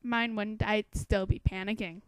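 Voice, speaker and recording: A woman's voice: mid-range voice, fairly even intonation, measured pace, clear, resonant tone, no echo, poor audio. A young woman chatting about a book she is reading, asking nitpicking questions in a casual, quizzical way. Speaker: book commentator. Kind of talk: casual spoken book commentary.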